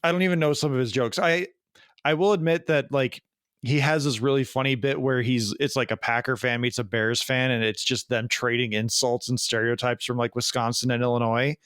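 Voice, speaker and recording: A man's voice: medium pitch, fairly even intonation, fairly quick, a bit bright, clear, resonant tone, no room sound, studio quality. A man from the Midwest co-hosting a podcast from his basement, chatting casually in a sardonic, rambling way. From American Midwest. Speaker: podcast co-host. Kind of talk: casual chat. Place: home basement.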